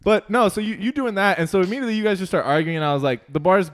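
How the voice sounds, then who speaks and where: A young man telling a bar story to a friend in casual chat, animated and swearing, laughing along the way. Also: high voice, very fast.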